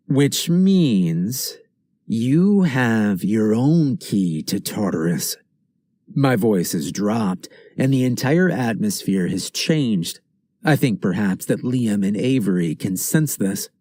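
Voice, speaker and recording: A man narrating a first-person story in a measured, tense way. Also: fairly low pitch, a little mellow, no echo.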